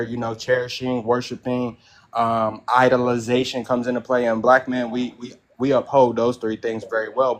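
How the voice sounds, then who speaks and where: A man speaking bluntly as a guest on a live panel debate, halting and repeating words as he goes. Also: medium pitch.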